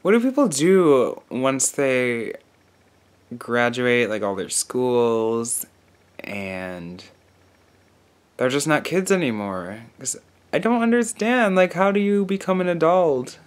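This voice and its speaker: Slow-talking goofy young man outdoors. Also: medium pitch, very animated, no room sound. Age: 20s. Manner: goofy, self-mocking, rambling. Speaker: vlogger. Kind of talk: joking outdoor vlog. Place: outdoors on a nature trail.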